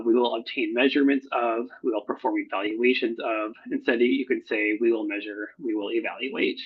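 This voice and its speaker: A man who edits research proposals, talking through slides in a recorded workshop, halting often with fillers and self-corrections. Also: medium pitch, gravelly, slightly rough. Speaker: proposal editor. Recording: dull lo-fi recording.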